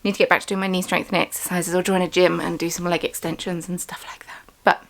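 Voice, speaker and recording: A woman's voice: lowish voice, flat delivery, fast talker, vocal fry. A woman running a small craft business, talking in a chatty, rambling way with lots of ums in a casual vlog. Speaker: small business owner and vlogger.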